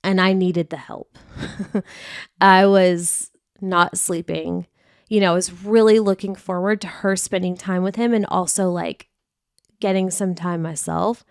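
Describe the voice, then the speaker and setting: A woman's voice: on the low side, fairly even intonation, a little slow, clear, resonant tone, no room sound, clean studio sound. A young woman hosting a podcast, talking frankly and emotionally about hard personal events and acting out her own past outbursts. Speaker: podcast host. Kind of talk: candid confessional podcast monologue.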